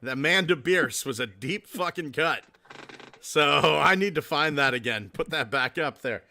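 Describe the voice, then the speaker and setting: Animated laughing male podcast host. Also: fairly high pitch, moderate pace, gravelly. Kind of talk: casual chat.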